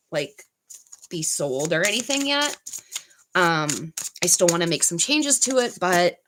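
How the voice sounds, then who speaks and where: A woman hosting a live tarot stream, giving card readings in a soft, unhurried way with many pauses and fillers. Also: mid-range voice, background noise. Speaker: tarot reader and channel host.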